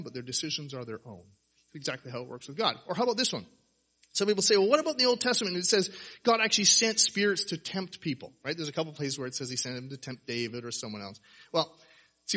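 Animated male preacher with a bright, husky voice. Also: on the high side. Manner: animated, rhetorical questions, acts out quotes. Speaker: pastor. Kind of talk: sermon.

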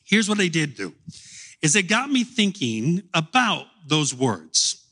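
Slow, lively middle-aged preacher man. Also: fairly high pitch. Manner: slow storytelling with long pauses. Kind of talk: sermon.

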